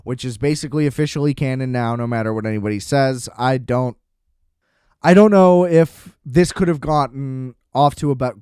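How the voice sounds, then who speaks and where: A man in his twenties hosting a podcast, giving a loose, animated movie review with casual swearing. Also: medium pitch, moderate pace, clear, resonant tone, no room sound, clean studio sound. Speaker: podcast host.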